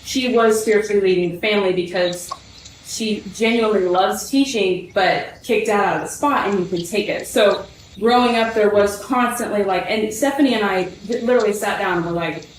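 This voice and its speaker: Young woman, personal testimony, halting and rambling, echoey room, mic at a distance, faint hiss. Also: mid-range voice. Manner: rambling, many fillers and restarts. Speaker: guest telling family story.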